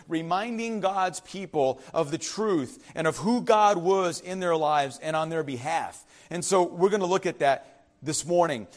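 Emphatic, animated male pastor preaching. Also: a little high. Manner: emphatic, repeats phrases, frequent "right?" asides; swings between loud declarations and quiet confiding asides. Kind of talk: sermon.

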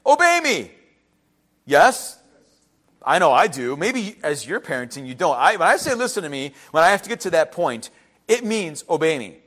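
A man with a notably high voice preaches a sermon as pastor. He swings between loud, emphatic declarations and soft, confiding asides. He sounds middle-aged. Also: big pitch swings, normal speed.

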